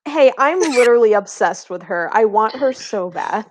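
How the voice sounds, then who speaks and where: A woman player chatting at a game table in an effusive, expressive way. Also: fairly high pitch, normal speed, slight background noise. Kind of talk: casual chat at a game table.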